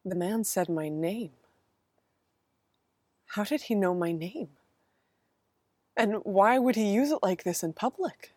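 A woman's voice: medium pitch, expressive, takes it slowly, pauses often, darkish tone, dry recording. A woman playing a grieving female follower, telling her story in an intense, emotional first-person monologue. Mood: wondering. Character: grieving woman follower, searching and then overjoyed.

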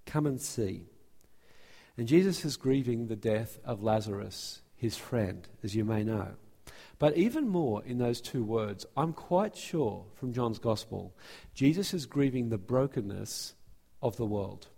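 Earnest pastor in a reverberant church. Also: male voice, mid-range voice, animated, vocal fry, mellow. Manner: earnest, restarts phrases, speeds up and slows down. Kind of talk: sermon with church announcements. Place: church sanctuary. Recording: long hall reverb from a church.

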